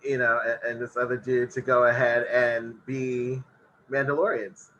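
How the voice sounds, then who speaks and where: A man chatting on a casual podcast, recapping an episode in easy, rambling sentences. He laughs often as he goes. His voice is very bright and forceful. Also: medium pitch, level tone, normal speed, highs cut off, slight background noise. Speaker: podcast co-host.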